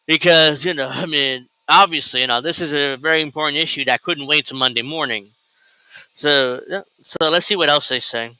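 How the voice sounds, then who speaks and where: A man's voice: moderate pace, clear, resonant tone, no echo, rough recording. A man hosting a live reaction show, talking casually and mockingly, often mimicking others in a raised voice. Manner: animated, mocking, mimics people in high voices. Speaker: host reacting to a video.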